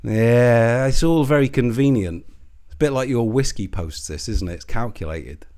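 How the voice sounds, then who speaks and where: Male host, profane ranting commentary, scornful, middle-pitched. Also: normal speed, mellow. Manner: profane and scornful, lots of swearing.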